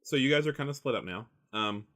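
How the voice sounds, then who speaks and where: A man's voice: medium pitch, expressive, fast talker, fairly bright tone. A man narrating as game master in a rambling, hesitant way with many fillers.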